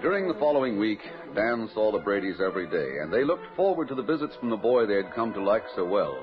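A man giving scripted narration for a radio drama, with a smooth, steady storytelling delivery. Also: lowish voice, quick pace. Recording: dull old radio broadcast with music.

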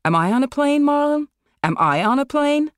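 An author reading a story aloud and voicing a frightened, indignant woman with shrill, exasperated outbursts. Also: sing-song, normal speed, no room sound, clean studio sound.

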